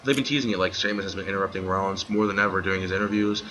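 A man's voice: low-pitched, steady tone, rapid-fire, pushed and bright, a little hiss or hum, poor audio. A young man co-hosting a casual wrestling podcast, rambling and laughing often. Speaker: podcast co-host.

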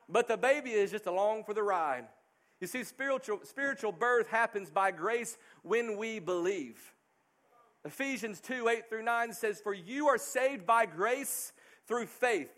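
A man's voice: high-pitched, fairly bright tone. A middle-aged male pastor preaching a sermon, earnest and emphatic.

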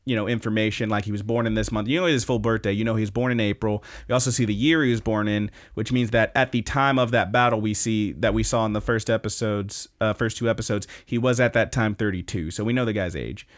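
Male podcast host, casual rambling recap, animated, loose and profane. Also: on the low side, fast talker, hardly any pauses.

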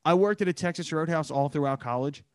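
A man's voice: on the high side, fast talker, smooth, no room sound. Profane Philly-accented young man, dry mic. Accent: Philadelphia. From Philadelphia area. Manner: animated storyteller, swears freely. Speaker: podcast host. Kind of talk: casual profane podcast chat.

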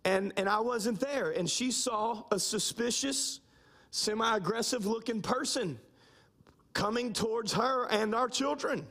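A middle-aged man preaching a sermon as pastor, emphatic and slowing down to stress key points. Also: extremely high pitch, a bit bright.

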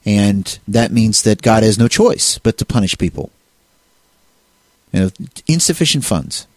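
A man's voice: on the low side, expressive, unhurried, no echo. A man co-hosting a casual discussion on faith, talking in a rambling way with many restarts and fillers. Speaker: co-host.

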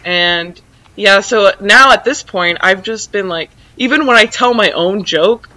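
A woman's voice: medium pitch, measured pace, bright, forceful tone, poor audio. A young woman guest in casual chat, telling stories in a dry, self-mocking way.

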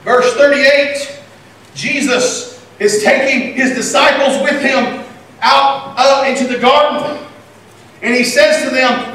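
A man preaching a sermon as pastor, animated, swinging between loud and quiet. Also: very high voice, slight background noise. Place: church sanctuary. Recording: echoey church hall from a distant mic.

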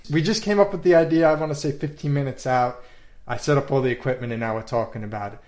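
A man from Long Island hosting a casual podcast chat, playful and animated, laughing often. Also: mid-range voice, fast. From Long Island, New York. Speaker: podcast host.

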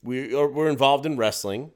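A man's voice: mid-range voice, moderate pace. A man co-hosting a podcast, chatting casually about local events and tending to ramble and restart his sentences. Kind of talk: casual chat.

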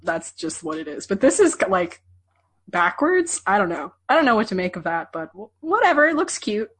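A woman's voice: medium pitch, very animated, normal speed, fairly bright tone, slightly rough. A woman on a podcast panel in casual chat, talking in a wry, quizzical way.

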